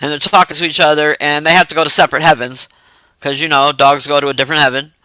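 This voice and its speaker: A man's voice: fairly high pitch, level tone, quick pace, pushed and bright, no room sound, poor audio. A man casually recapping a film plot in a rambling, profane way with frequent laughter. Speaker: movie reviewer.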